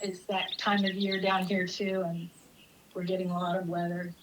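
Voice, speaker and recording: A woman co-hosting a podcast in casual chat, telling stories in an animated way. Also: lowish voice, normal speed. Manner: animated storyteller. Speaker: podcast co-host. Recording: noisy recording.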